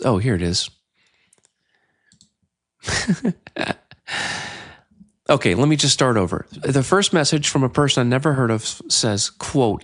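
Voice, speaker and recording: A man hosting his own podcast, telling a story in a chatty, playful way that grows more excited. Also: medium pitch, measured pace, long pauses. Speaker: podcast host. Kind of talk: casual solo podcast monologue.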